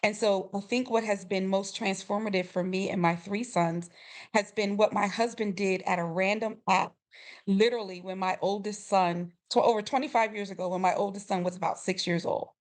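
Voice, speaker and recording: A middle-aged woman guest on a podcast, telling a family story with lively quoted voices and frequent laughter. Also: mid-range voice, moderate pace. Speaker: podcast guest, grief coach. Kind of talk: storytelling in a conversational interview.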